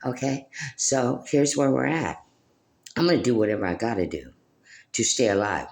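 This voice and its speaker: A woman's voice: very deep voice, moderate pace, breathy edge. Rambling emotional older woman vlogger. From Portland, Oregon. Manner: emotional, preachy, swings between soft and loud; talks baby-talk to her dog. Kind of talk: rambling spiritual monologue to camera. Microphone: phone.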